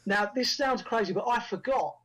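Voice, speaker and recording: A middle-aged actor and first-time filmmaker, appearing as an interview guest, tells stories casually and plays out the lines he quotes. His voice is very high with a fairly bright tone and a moderate pace, captured on a low-quality recording.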